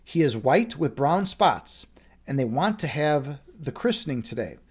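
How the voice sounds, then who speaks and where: A man voicing a scheming male cat in a fairy tale, with a dry, slightly lowered reading voice. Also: sing-song, unhurried, a little mellow, husky, exaggerated voice. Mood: sly.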